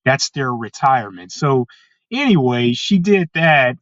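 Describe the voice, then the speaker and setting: A man's voice: medium pitch, very animated, measured pace, a bit bright, dry recording, highs cut off. A man from California, a podcast guest telling his story in a casual way. He fills his talk with "uh" and restarts, and slips into voices when he quotes people. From California, USA. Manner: frequent "uh" fillers and restarts, acts out quoted people.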